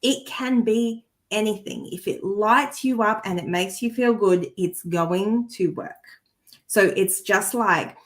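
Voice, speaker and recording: A woman's voice: mid-range voice, slow. A woman in casual podcast conversation, speaking in an earnest, heartfelt coaching tone. Her voice sits in an ordinary middle register, and she often breaks off and restarts a sentence while reaching for the right words. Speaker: co-host and energy healer.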